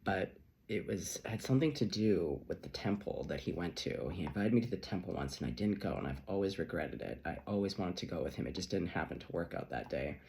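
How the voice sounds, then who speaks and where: A man's voice: deep voice, animated, brisk, vocal fry, a little mellow. A man reading tarot who tells a long, rambling personal story in a chatty vlog, swearing casually and laughing often. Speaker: tarot reader.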